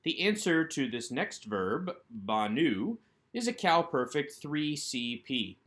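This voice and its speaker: A man's voice: a little high, sing-song, unhurried, fairly bright tone. A man teaching a recorded workbook lesson as an instructor, working through each item methodically by posing a question and then answering it. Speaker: Hebrew instructor.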